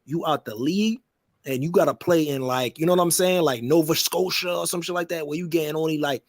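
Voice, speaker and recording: A man's voice: on the high side, brisk, dry recording. A man in a casual podcast chat, slangy and full of fillers, checking in with the listener over and over. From New York. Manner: slangy, full of fillers like "you dig what I'm saying".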